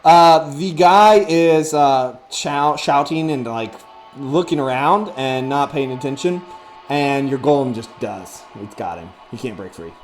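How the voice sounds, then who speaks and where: A man's voice: mid-range voice, a little slow, faint music behind. Rambling man running a tabletop game. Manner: rambling, full of fillers. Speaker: game master.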